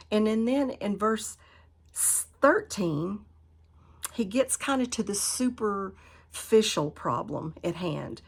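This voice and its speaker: Gravelly-voiced woman teaching Bible study. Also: medium pitch. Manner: reads scripture then paraphrases with animated emphasis.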